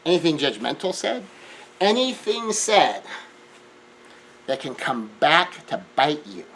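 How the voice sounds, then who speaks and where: A man giving an earnest self-help lecture, shifting between hushed remarks and emphatic raised lines. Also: on the high side, big pitch swings, slow, slight background noise, rough recording. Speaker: speaker.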